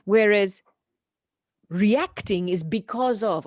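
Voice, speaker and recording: A woman from the UK giving a spiritual class over a video call, telling stories gently and dropping into soft whispered asides. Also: mid-range voice, takes it slowly, no echo, studio quality. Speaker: spiritual teacher.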